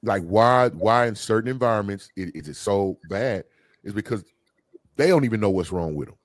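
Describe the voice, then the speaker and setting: Brief: male podcast host, very low voice, dry close sound, lively and exclaiming. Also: normal speed, no room sound. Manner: animated, exclaiming, reads out viewer comments. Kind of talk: casual podcast conversation.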